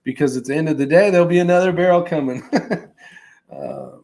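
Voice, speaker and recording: A man hosting a relaxed livestream, reading viewer comments aloud and chatting loosely with plenty of fillers and chuckles. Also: fairly high pitch, fairly quick, a little hiss or hum. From California. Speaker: host reading live chat. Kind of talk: casual livestream chat.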